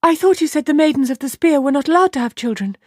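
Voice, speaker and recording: A woman reading an audiobook, voicing a polite, well-taught young noblewoman in a high voice. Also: animated, fast, no echo, studio quality. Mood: questioning.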